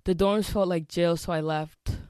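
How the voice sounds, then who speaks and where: A young woman, a college freshman, chatting casually as a podcast guest in a relaxed, low-key way. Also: moderate pace, clear, resonant tone, dry recording, clean studio sound. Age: young adult. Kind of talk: casual chat.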